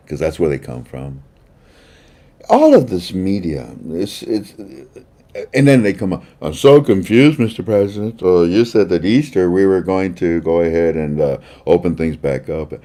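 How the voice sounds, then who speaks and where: A ranting man hosting an online talk show, his voice swooping from low mutters to loud jabs. The tone is dark and mellow, and he scoffs and chuckles at the people he mocks. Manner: heated, mocking, laughs at his own jabs. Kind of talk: ranting political commentary.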